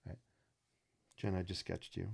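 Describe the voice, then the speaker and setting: A man's voice: low voice, little pitch movement, moderate pace, creaky, breathy edge. A man hosting a live drawing stream, chatting casually and playfully with viewers and making puns as he sketches.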